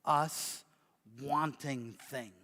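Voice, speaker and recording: A man preaching and telling a story, swinging from loud bursts to near whispers. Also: mid-range voice, steady tone, very slow. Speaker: pastor. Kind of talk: sermon storytelling. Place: church sanctuary. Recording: long church hall reverb.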